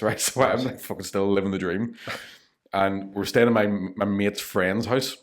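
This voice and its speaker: A male comedian guest from Northern Ireland talks fast in a low voice, telling casual stories. He's animated, swears freely, and laughs his way through the tales.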